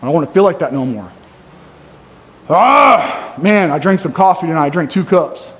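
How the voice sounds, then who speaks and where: A man's voice: a little high, animated, moderate pace, fairly bright tone. A man in his thirties venting in a ranting, self-critical monologue for his fitness vlog, wired on coffee. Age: 30s. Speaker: fitness vlogger. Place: gym.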